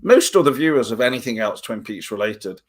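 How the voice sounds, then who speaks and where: A man co-hosting a casual livestream chat, rambling and halting, often trailing off into mumbles. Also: mid-range voice, animated. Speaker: co-host.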